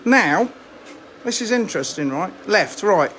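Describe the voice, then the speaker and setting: A man's voice: high voice, lively intonation, measured pace, sharp tone, slight background noise. A man, live streaming from his phone and chatting casually in a rambling, self-mocking way as he shows things to the camera. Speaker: fishery owner live streaming. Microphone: phone camera held in hand.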